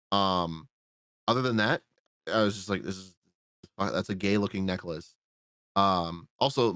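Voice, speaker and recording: A man's voice: on the low side, fairly bright tone, no echo, clean studio sound. A man casually recapping a movie on a podcast, rambling and swearing freely as he acts out his own reactions. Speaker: podcast co-host reviewing a film.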